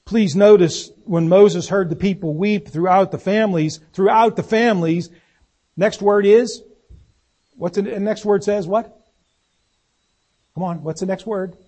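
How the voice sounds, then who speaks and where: Speaking at a measured pace and pausing often, a preacher delivers a folksy, plain sermon, regularly questioning the congregation. His mellow voice sits on the high side for a man, roughened by a husky breathiness.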